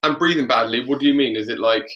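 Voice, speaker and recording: A man's voice: medium pitch, fast talker, bright, forceful tone, lo-fi sound. A man, a vocal coach, talking casually on a webinar in an easygoing, encouraging way. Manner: easygoing, encouraging, hesitant fillers.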